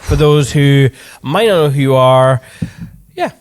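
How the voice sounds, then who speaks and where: A man's voice: mid-range voice, animated, a little slow. A man hosting a podcast interview, chatty and a little bumbling as he introduces the guest. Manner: bumbling, chatty, self-deprecating. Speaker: podcast host. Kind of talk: casual interview chat.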